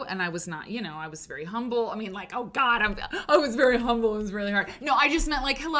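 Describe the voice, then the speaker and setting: A woman hosting a live stream show, chatting excitedly and rambling with lots of fillers. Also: medium pitch, fast talker, hardly any pauses. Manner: gushing, animated, rambling with many fillers.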